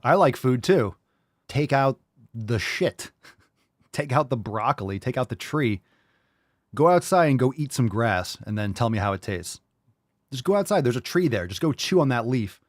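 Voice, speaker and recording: A man hosts a live podcast and rants in a blunt, profane way. His voice sits at a middling pitch. The recording is dry, with no room sound around it. He mocks his listeners' excuses by slipping into put-on voices. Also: lively intonation, moderate pace, dry recording. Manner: mocking impressions of listeners. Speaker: podcast host.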